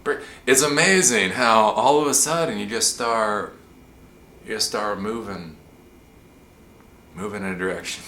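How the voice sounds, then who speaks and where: A man hosting a show, answering a viewer's question in a rambling, animated way. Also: on the low side, a little slow, long pauses, roomy sound. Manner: rambling, animated, with frequent laughs and restarts. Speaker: host.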